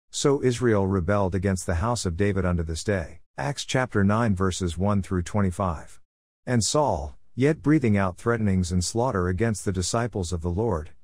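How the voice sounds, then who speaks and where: A man giving a measured, even reading of scripture in a scripted style. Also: fairly low pitch, no room sound, studio quality. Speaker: Bible reader.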